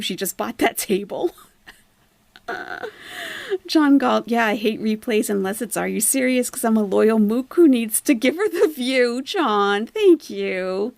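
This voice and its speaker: Sarcastic woman with a gravelly voice. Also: medium pitch, darkish tone, no room sound. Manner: reads viewer chat aloud and answers it with sarcastic quips. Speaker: commentary channel host. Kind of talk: casual reaction commentary.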